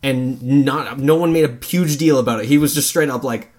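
Animated swearing podcast co-host. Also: male voice, medium pitch, fairly quick. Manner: animated, acts out quotes in raised voices, swears freely. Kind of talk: casual movie review chat.

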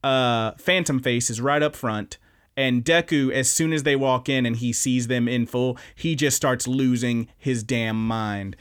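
Young man, podcast co-host, casual profane recap, average pitch. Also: clear, resonant tone. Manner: loose, profane, does quick silly character voices. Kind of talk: casual chat recapping anime.

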